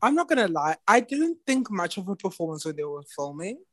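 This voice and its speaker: A man's voice: high voice, sing-song, fairly quick, fairly bright tone. Sassy gossiping male podcast co-host. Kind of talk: casual chat.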